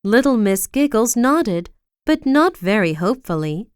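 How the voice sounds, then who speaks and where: A woman reads a children's storybook aloud, slow and expressive. Her voice is smooth and fairly high, with lively swings in pitch. The close mic gives a dry, intimate sound. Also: no echo. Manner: slow, expressive reading with big swings for effect.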